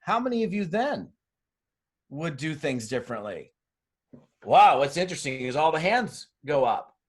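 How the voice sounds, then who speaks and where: A middle-aged network marketing trainer delivers blunt, tough business coaching in a motivational webinar, acting out dialogue in his stories. His voice is a little high and sing-song, slightly rough, at a moderate pace, captured on a webinar mic.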